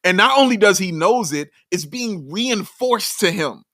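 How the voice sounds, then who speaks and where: Hyped-up guy cohosting a sports pod, bright punchy voice, dry close sound. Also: high-pitched, a little slow, no room sound. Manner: excitable, emphatic, laughs often. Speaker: podcast co-host. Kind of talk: casual sports podcast chat.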